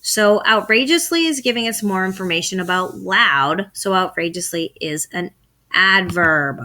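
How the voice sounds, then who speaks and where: A woman's voice: mid-range voice, moderate pace, pushed and bright. A woman teacher giving a recorded grammar lesson, asking questions and then answering them herself.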